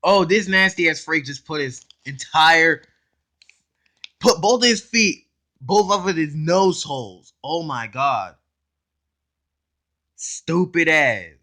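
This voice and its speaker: A man hosting a casual reaction video, excitable and blunt, talking in slang straight to his viewers and cutting in often to comment. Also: a little high, slow, pauses often. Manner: excitable, blunt and profane, keeps interrupting with "hold up".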